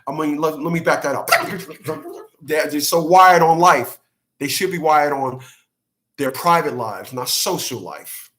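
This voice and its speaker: Male host, slightly higher voice, blunt and profane, preachy rant monologue. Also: measured pace, a bit bright, slight background noise. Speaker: channel host.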